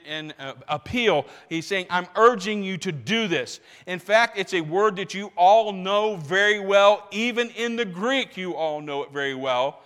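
A male pastor preaching a sermon, animated, stumbling over restarts as he builds his points. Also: high-pitched, in a large hall.

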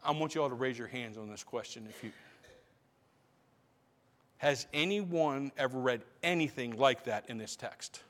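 A male pastor preaching a sermon to his congregation, building to loud repeated questions. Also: mid-range voice, normal speed, long pauses. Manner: preaching with rising, shouted questions. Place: church sanctuary. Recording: long reverb of a large hall.

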